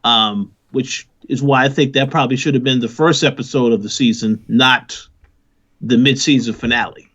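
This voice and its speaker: Measured man on a dull lo-fi mic. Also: medium pitch, fairly even intonation, fairly bright tone. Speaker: podcast co-host. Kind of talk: casual episode discussion.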